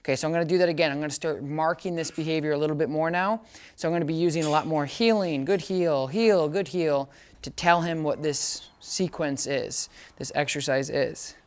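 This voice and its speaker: A man with a fairly high, smooth voice speaks briskly as he runs a casual hands-on demo as a dog trainer. Chatty and frequently making sure the listener understands, he praises the dog with bright, upbeat commands.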